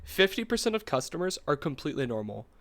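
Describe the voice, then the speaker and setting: A young man tells a story on a casual podcast in a loose, rambling way, full of filler words and quick laughs. His voice sits a little high for a man. The sound is dry and close, with no room around it. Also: very animated, a bit bright, no room sound. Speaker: podcast co-host.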